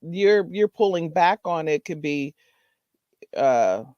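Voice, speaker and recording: A man with a fairly high voice, a podcast guest in casual chat. He thinks out loud, restarting and repeating his questions, and the recording is close and dry. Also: expressive, slow, dry recording, dull audio.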